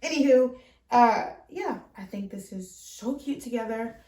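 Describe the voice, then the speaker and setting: A woman's voice: on the high side, lively intonation, measured pace, a little mellow. A young woman chatting casually in a fashion try-on haul, bubbly and full of fillers, speaking from across the room. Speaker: fashion vlogger. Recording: roomy sound from far off.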